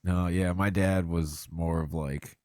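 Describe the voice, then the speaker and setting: A man hosting a podcast in casual chat, relaxed, laughing along and swearing freely. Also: low-pitched, slow, no room sound, clean studio sound. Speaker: podcast host.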